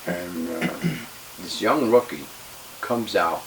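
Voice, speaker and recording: A man's voice: on the low side, big pitch swings, slow. A man telling a wrestling story in an interview, heated, emphatic and profane. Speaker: retired pro wrestler. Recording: distant mic with faint hiss.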